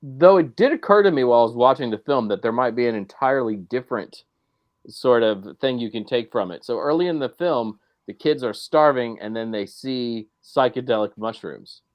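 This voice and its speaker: A man on a video call floating wry, speculative ideas about a film in a relaxed, chatty manner. His voice sits in a middle range. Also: medium pitch, normal speed, lo-fi sound. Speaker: panelist. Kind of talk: casual film discussion.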